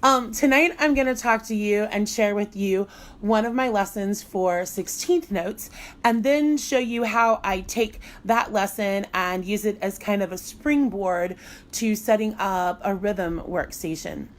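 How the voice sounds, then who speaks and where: A woman's voice: mid-range voice, measured pace. Chatty, playful middle-aged woman teacher. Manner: chatty and playful, laughs often. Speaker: music teacher and blogger. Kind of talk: casual live online teaching demo.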